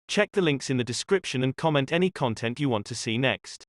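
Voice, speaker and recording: Man, host, story narrator, mid pitch, dry close sound, even scripted read. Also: brisk, dry recording.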